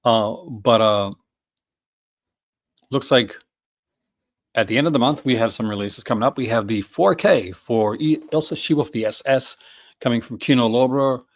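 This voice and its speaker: A man's voice: mid-range voice, normal speed, long pauses. Rambling enthusiastic male stream host. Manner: rambling, enthusiastic, many fillers and restarts. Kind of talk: casual live-stream chat.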